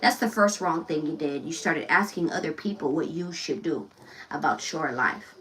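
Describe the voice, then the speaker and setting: A woman's voice: sits low, normal speed, a bit bright, recorded from a distance, low-quality recording. A woman gives a casual tarot reading in a loose, blunt, chatty way, cursing freely and laughing often. Her voice sits a little back from the mic, with a faint hiss of noise underneath. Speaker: tarot reader.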